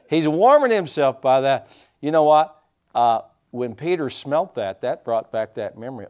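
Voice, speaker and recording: A man preaching a sermon as pastor, telling stories in an animated way, laughing at his own slips and drawing answers from the congregation with questions. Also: medium pitch, normal speed. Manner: animated storytelling with laughs and repetitions; draws congregation responses with questions.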